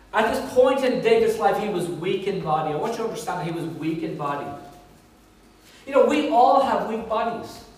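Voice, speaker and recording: High-voiced preacher in an echoey hall. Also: male voice, far from the mic. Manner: storytelling preacher, animated and self-mocking. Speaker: pastor. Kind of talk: sermon.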